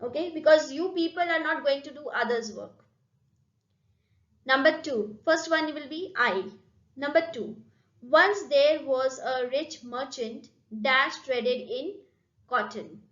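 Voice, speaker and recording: A woman's voice: high voice, a bit bright. Teacher: woman, Indian English accent, patient and repetitive, roomy and muffled recording. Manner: slow, repetitive, addresses students with "okay?" and "right?". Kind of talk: classroom lesson explanation.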